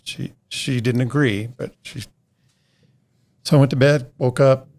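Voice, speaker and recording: A man's voice: mid-range voice, fairly even intonation, unhurried, a little mellow. A middle-aged man, a podcast guest, telling a long story in casual conversation, rambling along and acting out what everyone said. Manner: rambling, re-enacts conversations by quoting others.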